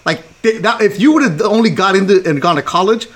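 Man, podcast host, high voice, teasing, casual chat. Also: quick pace. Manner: teasing, animated.

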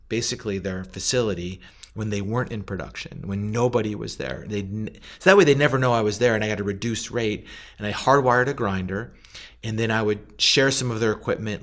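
A middle-aged man speaks in a relaxed, storytelling way, his voice sitting a little low. He drops plenty of fillers and slips into little performances of the people in his story. It sounds like a casual interview. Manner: animated, acts out quoted voices, many fillers. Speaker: food company founder, guest.

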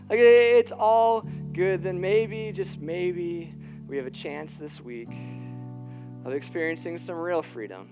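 A male pastor preaches to his congregation in a slightly high voice. He tells stories in an animated way, restarting his phrases often and laughing between lines. Soft guitar plays quietly underneath. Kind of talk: sermon. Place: church hall with an audience. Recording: faint guitar music behind the voice.

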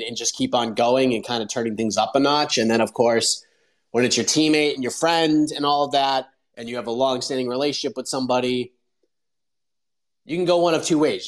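Man, forties, show host, casual rambling commentary, animated storyteller. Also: mid-range voice, rough recording. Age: 40s. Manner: animated storyteller, lots of fillers.

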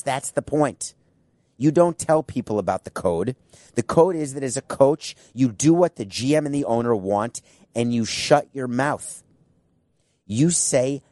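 A man's voice: medium pitch, warm tone, no echo, studio quality. A man giving an opinionated sports monologue, emphatic and sarcastic, talking straight at people who are not there. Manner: emphatic, sarcastic, addresses absent people directly. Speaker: sports commentator.

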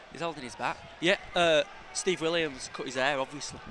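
A man co-hosting a football podcast, joking in fast banter. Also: fairly high pitch, noisy background. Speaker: podcast co-host. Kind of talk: casual football podcast chat.

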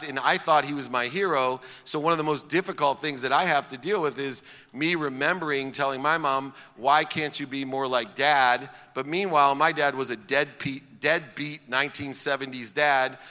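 A middle-aged man from Ohio recounts a personal story in an emphatic speaker's style, stacking his points in repeated lists. His voice is bright and forceful. It carries a long reverb. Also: on the high side. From Akron, Ohio, US. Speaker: public speaker.

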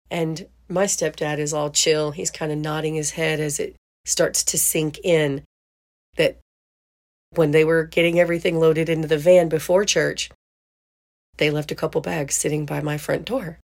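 A woman's voice: sits low, little pitch movement, moderate pace, a little mellow. A woman hosting a podcast, telling a story in a chatty way and laughing as she goes. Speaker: podcast host. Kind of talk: casual storytelling monologue.

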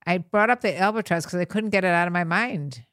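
An older woman co-hosting a podcast in casual chat, gently teasing and rambling. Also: fairly low pitch, a little fast, no room sound, clean studio sound. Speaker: podcast co-host.

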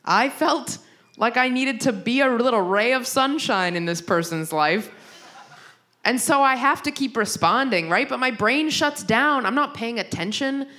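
A young woman with a bright, clear voice doing stand-up comedy. She rambles through self-deprecating bits and stumbles into quick restarts and asides. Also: on the high side, lively intonation.

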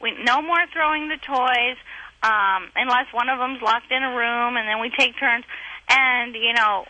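Bright husky-voiced woman telling a story. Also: a little high, measured pace, poor audio. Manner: breathless, chatty, acts out the people she quotes. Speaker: celebrity guest, actress and comedian. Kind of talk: animated storytelling on a radio show.

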